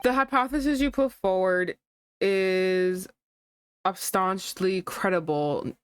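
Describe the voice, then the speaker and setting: A woman voicing a haughty aristocratic male prosecutor, reading game dialogue in a slow, lowered, pompous voice. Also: smooth, lightly acted.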